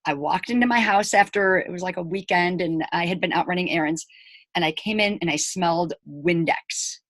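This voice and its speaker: An elementary school teacher in her 40s speaks in a lowish voice at normal speed, with no room sound. She casually shares her experience to camera, acting out conversations by quoting others and addressing viewers with lively, emphatic asides.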